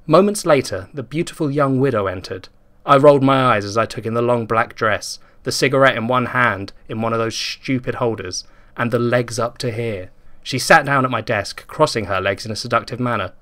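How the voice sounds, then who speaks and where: A man, a podcast host reading his comedic fan fiction aloud in a dry, deadpan way. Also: mid-range voice, fairly quick.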